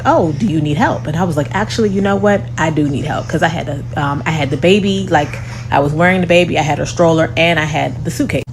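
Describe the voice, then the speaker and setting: A woman tells an airport story with sass and drama. Her voice sits on the low side, and a steady hum runs under the recording. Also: creaky. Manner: sassy, dramatic and lively. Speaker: storytelling vlogger. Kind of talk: animated storytime. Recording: humming background noise.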